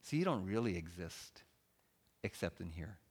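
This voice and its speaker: A man giving a humorous, conversational talk on faith at a church event, animated and joking with the audience. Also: sits low, normal speed, slightly rough. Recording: reverberant hall.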